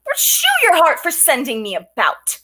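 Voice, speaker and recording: A woman's voice: high-pitched, wildly swooping pitch, normal speed, pushed and bright, heavily acted. A woman playing a garrulous old nurse in a Shakespearean stage drama, rambling and theatrical. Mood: weary complaining. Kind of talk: Shakespearean stage acting over video call.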